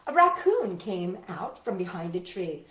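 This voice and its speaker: A woman reading picture books aloud for children in an animated, sing-song way, chatting to young listeners between stories. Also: lowish voice, a little slow, roomy sound, lo-fi sound. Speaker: children's story reader.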